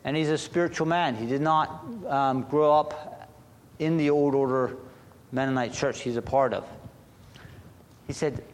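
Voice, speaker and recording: Slow-speaking preacher in a reverberant hall. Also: male voice, medium pitch, steady tone. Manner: slow, deliberate delivery with halting restarts. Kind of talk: sermon.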